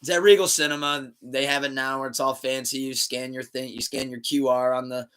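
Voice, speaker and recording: A man hosting a podcast, telling a story in a casual, animated way, laughing and switching between loud bursts and muttered asides. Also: medium pitch, a little fast, clear, resonant tone. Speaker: podcast host.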